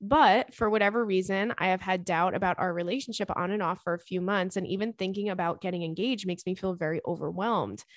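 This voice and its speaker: A woman's voice: mid-range voice, fairly quick, hardly any pauses, no room sound, clean studio sound. A young woman hosting a podcast, chatting bluntly and swearing freely as she reads a listener's letter aloud. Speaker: podcast host. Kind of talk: casual podcast chat reading a listener letter.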